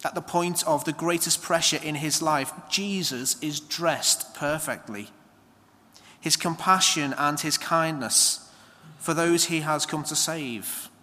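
Male preacher, slightly higher voice, unhurried reflective homily, church echo. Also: bright, forceful tone. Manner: slow, measured homily with reflective pauses. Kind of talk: sermon. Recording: long church reverb.

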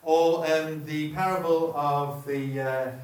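A man's voice: fairly high pitch, fairly even intonation, slow pace, a little mellow. A man preaching a sermon, chatty and often stopping himself mid-sentence to put questions to the congregation. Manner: chatty, self-interrupting, asks the room questions. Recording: echoey room, voice from far off.

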